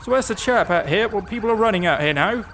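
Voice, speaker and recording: A young man giving chatty, sarcastic commentary over his own police-driving gameplay, with sudden excited outbursts. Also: high-pitched, fast talker, slight background noise. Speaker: gaming YouTuber.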